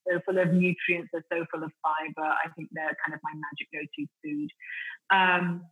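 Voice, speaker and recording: A woman's voice: fairly low pitch, normal speed, fairly bright tone, low-quality recording. A middle-aged woman with an Italian accent, talking enthusiastically as a podcast guest, with lots of fillers and restarts. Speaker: guest, food company founder. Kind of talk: casual podcast interview.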